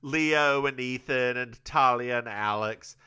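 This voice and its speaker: A man co-hosting a podcast, casually recapping a TV episode as an animated storyteller. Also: mid-range voice, slow, smooth. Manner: animated storyteller, slips into voices. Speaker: podcast co-host.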